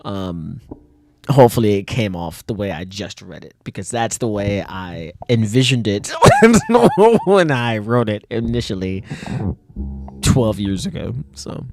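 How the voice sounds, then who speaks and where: A man's voice: on the low side, very animated, unhurried, darkish tone, faint music behind. A man casually talking about and reading from his own comic, rambling with many fillers and frequent laughs while bothered by his nose. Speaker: comic artist and channel host.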